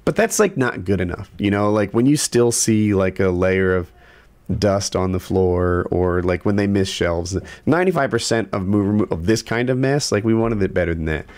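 A man's voice: fairly low pitch, normal speed, darkish tone. A man telling a long story in casual conversation, rambling and profane, with lots of restarts.

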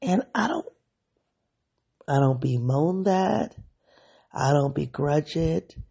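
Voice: medium pitch, lively intonation, slow pace, vocal fry, mellow, breathy edge. A podcast host speaking candidly in a reflective solo diary episode, thinking aloud and analyzing their own feelings.

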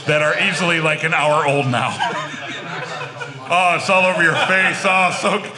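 A man's voice: on the high side, fairly even intonation, moderate pace, reverberant, low-quality recording. A man hosting a podcast in casual chat, teasing his guests, laughing and swearing freely. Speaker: podcast host. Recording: loud crowd chatter behind. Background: crowd chatter.

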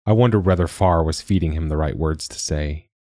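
A man giving measured, wry, reflective first-person audiobook narration. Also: extremely low pitch, warm tone, no room sound, studio quality.

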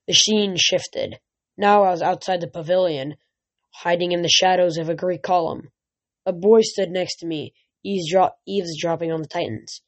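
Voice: medium pitch, steady tone, moderate pace. Amateur reader with frequent restarts. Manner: reads with frequent slips and restarts. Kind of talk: amateur audiobook reading. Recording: dull lo-fi recording.

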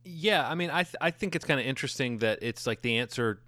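A man's voice: medium pitch, lively intonation, quick pace, bright, forceful tone, dry recording. Man, podcast co-host, casual, wry, reasoning aloud, dry sound.

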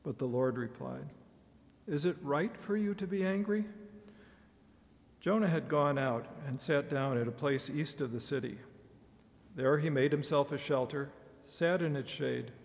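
Gravelly man reading scripture in church. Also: medium pitch. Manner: measured, expressive reading of quoted speech. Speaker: scripture reader. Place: church sanctuary. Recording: reverberant church hall.

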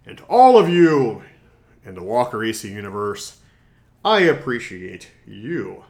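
A man's voice: lowish voice, very animated, unhurried, gravelly, a little mellow, full character voice. A man playing a boastful male fox who hosts a podcast, rambling through a comedic improvised monologue full of self-mocking jokes and asides. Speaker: podcast host.

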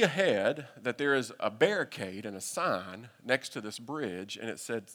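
A man with a Southern US accent, a pastor telling a humorous, animated story during a sermon. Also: medium pitch, unhurried, hardly any pauses. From United States. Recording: long reverb from a hall.

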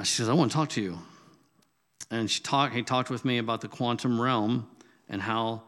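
Bright-voiced preacher man. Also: on the low side. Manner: animated storytelling, rising loud when emphatic. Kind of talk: sermon.

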